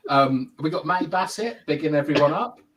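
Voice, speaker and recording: A man's voice: fairly high pitch, a little fast, slight background noise, poor audio. A man hosting a live football chat show, reading out viewer comments in a chatty, laughing way. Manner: lively, chatty, laughs often. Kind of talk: casual live-stream chat.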